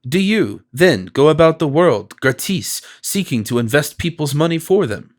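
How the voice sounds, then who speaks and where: A squeaky, cracked old miser who wheezes and coughs as he speaks, feeble and deeply suspicious, as a man reads him in an audiobook. His voice is thin and frail. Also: very animated, moderate pace. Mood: bewildered. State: racked by a violent cough.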